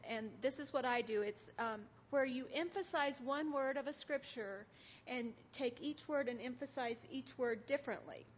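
A middle-aged woman giving devotional teaching with guided meditation, soft and hesitant with many pauses. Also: sits high, a little hiss or hum. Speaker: women's ministry teacher. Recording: dull lo-fi recording.

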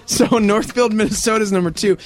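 A man co-hosting a morning radio show, joking through banter and reading sponsor copy at a quick clip. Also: sits high, steady tone.

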